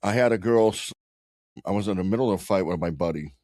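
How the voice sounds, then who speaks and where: A man's voice: deep voice, fast, darkish tone, dry recording, studio quality. Blunt, profane man telling stories. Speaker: podcast co-host. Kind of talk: casual chat.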